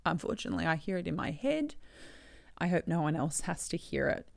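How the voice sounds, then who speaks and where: A woman telling a painful personal story, halting and tearful, often dropping into whispers. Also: sits low, very animated, gravelly, darkish tone, no echo, clean studio sound. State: crying. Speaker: bereaved daughter telling her story. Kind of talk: emotional personal testimony.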